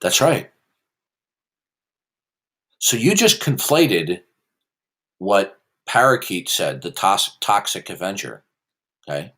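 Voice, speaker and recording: A combative man hosting a heated call-in debate, with a voice that swings widely in pitch from low to sharp peaks. His questions come across as condescending and quizzing. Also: sing-song, slow pace, pauses often. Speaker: host.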